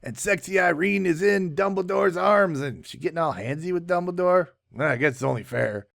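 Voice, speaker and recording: A man giving a sarcastic comic recap of a movie, with deadpan asides. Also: high voice, normal speed, gravelly. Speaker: movie reviewer.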